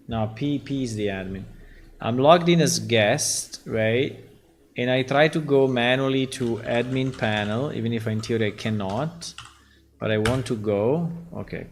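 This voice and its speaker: A man's voice: mid-range voice, a little hiss or hum. A man with an Italian accent, a game developer who thinks aloud while coding on a live stream and keeps checking in with "right?".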